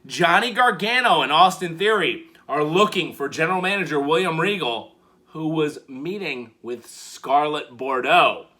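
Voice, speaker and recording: Animated man with a bright, punchy voice. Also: a little high, measured pace. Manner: animated, acts out quotes in playful voices. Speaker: wrestling show reviewer. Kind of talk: casual recap commentary.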